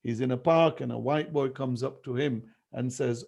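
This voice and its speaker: A man's voice: mid-range voice, steady tone, moderate pace, creaky, a little mellow. A middle-aged man from England, giving an earnest academic talk over a video call and telling stories with quoted dialogue. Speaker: guest speaker.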